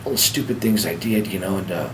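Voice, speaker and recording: Talking fast in a low voice over a noisy background, a middle-aged man tells his recovery story. The testimony is heartfelt and earnest, with frequent restarts and repeated words.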